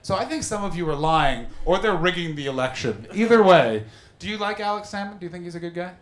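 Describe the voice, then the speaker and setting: A man in his thirties doing a stand-up comedy set, telling animated stories and teasing the crowd. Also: sits high, fast talker. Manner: animated storytelling, mocking crowd work with put-on voices. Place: comedy venue with live audience. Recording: roomy live venue echo.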